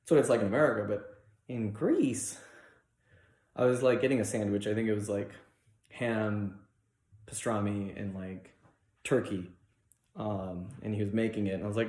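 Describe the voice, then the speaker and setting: A man's voice: lowish voice, moderate pace, pauses often, darkish tone, echoey room. A young man doing an unrehearsed stand-up set, rambling through a story with many restarts and mimicking people in raised, mocking voices. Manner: acts out other people in raised mock voices. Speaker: stand-up comedian.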